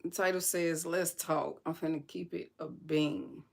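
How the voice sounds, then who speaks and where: A livestream host with a hoarse, raspy voice, venting emphatically about faith, repeating lines and swearing freely. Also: medium pitch, steady tone, unhurried. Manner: preachy, speaks of God and spirit. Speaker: live stream host. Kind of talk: casual live-stream venting.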